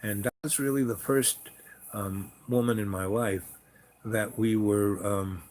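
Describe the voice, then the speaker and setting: A man's voice: lowish voice, steady tone, measured pace, a little mellow. A man telling a personal story in a casual, rambling way, frank and loose, with lots of asides. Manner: rambling and frank, many fillers and restarts.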